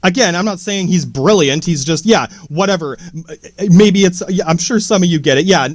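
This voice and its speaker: A man's voice: high voice, moderate pace, dry recording, studio quality. A man hosting a podcast, ranting in a rambling, profane way with many false starts. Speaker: podcast host.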